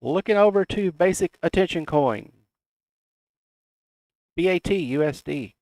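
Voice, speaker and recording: A man's voice: on the high side, lively intonation, measured pace, a little mellow, dry recording. A middle-aged man with a Southern US accent, reading out price levels in casual, folksy chart commentary. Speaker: crypto chart analyst.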